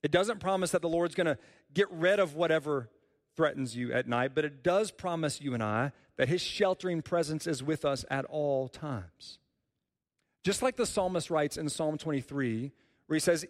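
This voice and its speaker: A man's voice: fairly high pitch, a little fast, long reverb tail. A man preaching a sermon as a pastor, earnest and repeating key phrases for emphasis.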